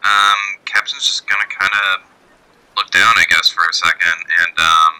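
Low-voiced man at a game table. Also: steady tone, normal speed, bright, forceful tone, clear, resonant tone. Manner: hesitant, with many fillers. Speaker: tabletop player. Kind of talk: casual game table chat. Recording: phone-like lo-fi line.

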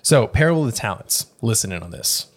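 A man hosting a casual faith podcast, relaxed and quick to laugh, often correcting himself mid-sentence. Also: on the low side, husky. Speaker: podcast host.

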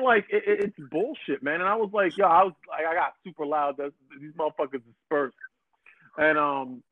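A man hosting a casual podcast chat. He talks in an animated, rambling way, repeats his words and acts out what other people said. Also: sits high, moderate pace, dry recording. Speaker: podcast host. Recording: dry phone-like audio.

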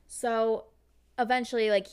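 A woman co-hosting a podcast, telling a story in an animated, casual way and swearing freely. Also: on the high side, measured pace, clean tone. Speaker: podcast co-host.

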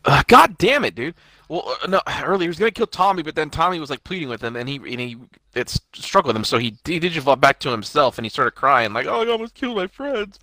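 Man, lively pitch, bright voice, casual profane chat, dry close headset sound. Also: fast talker, dry recording. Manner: animated, profane, laughs while retelling. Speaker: friend recapping a cartoon. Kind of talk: casual chat over voice call.

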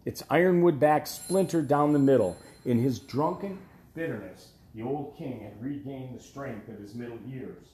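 Man, audiobook narrator, measured storytelling, mellow dark voice, echoey room. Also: mid-range voice. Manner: measured storytelling, dropping quiet at tense moments. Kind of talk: scripted narration.

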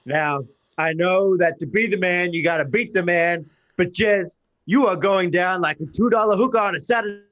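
A man's voice: high-pitched, a bit bright, highs cut off, voice pushed up. A man on a video call from a bathroom playing a swaggering wrestler in a mock promo, trash talking. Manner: swaggering trash talk, drawn-out delivery. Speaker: fantasy league commissioner. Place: bathroom, door shut.

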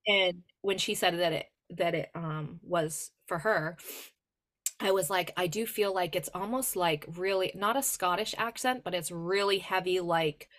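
Bright-voiced chatty woman from New Hampshire. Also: lowish voice, a little slow. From New Hampshire, USA. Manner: animated, acts out quoted dialogue, filler-heavy. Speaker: podcast co-host and medium. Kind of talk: casual storytelling chat.

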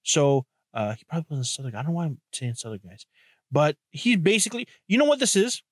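A young man with a slightly high voice holds forth on his podcast in a loose, profane ramble. He keeps circling back with restarts and asides. The sound is dry and close, with no room around it. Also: sing-song, fast, no echo. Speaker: podcast host. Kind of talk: casual solo podcast monologue.

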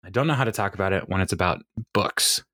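A man with a low, slightly deep voice co-hosting a fan podcast in easygoing chat. He rambles, restarts his sentences and laughs a lot. The sound is dry and close, with no room around it. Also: fast, sharp tone, no echo. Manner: chatty and rambling, laughs often. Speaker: podcast co-host. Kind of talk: casual chat.

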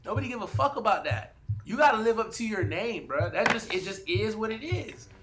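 A man talking casually in a sports debate podcast, animated and profane, hedging with fillers as he argues his picks. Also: sits high, brisk, noisy background. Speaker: podcast co-host.

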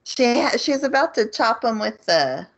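A woman's voice: on the high side, big pitch swings, normal speed. A woman co-hosting a podcast, chiming in with giggles during a casual anime recap. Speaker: podcast co-host.

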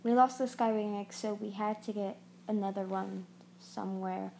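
A woman's voice: medium pitch, fairly even intonation, moderate pace, vocal fry, dark tone, slight background noise, natural voice. Brief: a bitter, snarling she-dragon guardian, read by a woman. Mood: tense.

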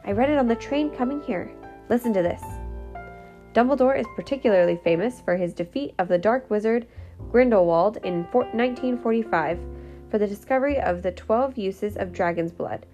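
A woman's voice: a little high, normal speed, dark tone, faint music behind, voice pushed up, close to an everyday voice. A woman reading aloud and voicing a brave young schoolboy wizard in an earnest, eager way. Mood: excited.

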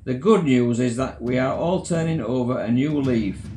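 A man's voice: mid-range voice, moderate pace, warm tone, natural voice. A commanding pirate captain who addresses his crew in declamatory tones, as a man reads him aloud. The voice rings through an echoey room, with faint music underneath. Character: gruff male pirate captain turned honest.

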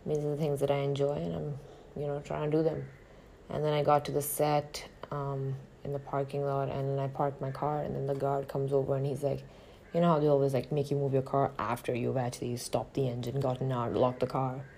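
A woman's voice: rumbling low, completely flat delivery, brisk, creaky, dark tone, a little hiss or hum. A woman, an actor telling a personal story in a frank, reflective and profane way. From northern India.

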